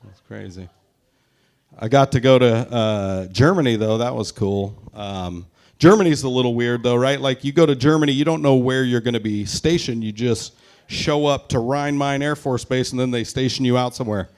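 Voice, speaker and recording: Forties stand-up comic from Tacoma, foul-mouthed and self-mocking, average pitch, live set. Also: male voice, normal speed, darkish tone, clear, resonant tone. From Tacoma, Washington, US. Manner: crude, self-mocking, swears a lot. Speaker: stand-up comedian. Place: live show at a brewery.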